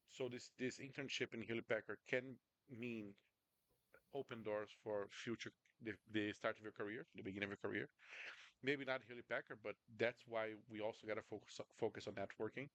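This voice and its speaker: A man's voice: fairly low pitch, fairly bright tone, dry recording. A man giving a video-call coaching session, talking casually and often checking in with his student. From United States. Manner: chatty, keeps checking in with "right?" and "understand?". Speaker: communication coach.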